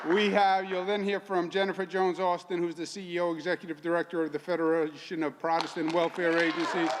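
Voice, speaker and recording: A man's voice: on the high side, long reverb tail. A man in his sixties with a Queens New York accent gives an emphatic, folksy public speech to a crowd at an outdoor event. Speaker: governor.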